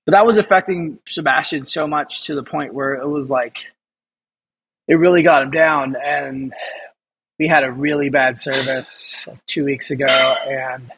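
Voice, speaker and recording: A man's voice: mid-range voice, steady tone, unhurried, a bit bright, a little hiss or hum, rough recording. A man, a chef, chatting casually as an interview guest, rambling and swearing, laughing often. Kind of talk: casual chat.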